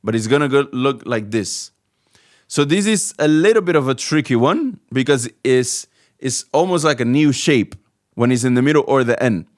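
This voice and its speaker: With a medium-pitched, animated voice at normal speed, a man teaching Arabic runs a slow, step-by-step alphabet lesson. He patiently repeats each letter's sound.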